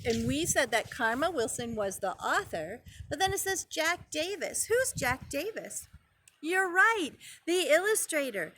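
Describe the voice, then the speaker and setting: A woman's voice: high-pitched, sharp tone, no room sound. An older woman reading a picture book aloud to preschoolers as a grandmotherly storyteller, playful and exaggerated, chanting repeated phrases and stretching out first sounds. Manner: stretches out first sounds and gasps in mock surprise. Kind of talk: children's read-aloud lesson.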